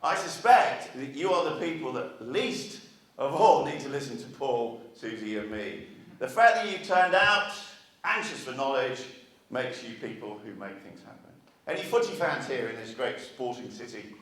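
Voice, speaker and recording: A man's voice: medium pitch, big pitch swings, moderate pace, fairly bright tone. A man delivers a marketing talk at a meeting, keeping it conversational and throwing questions back at the audience. His voice sits mid-range. It is picked up from a distance and rings heavily around a large, echoey hall. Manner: chatty, asks the audience rhetorical questions. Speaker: marketing speaker. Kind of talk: conference speech to an audience. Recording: echoey hall, mic far off.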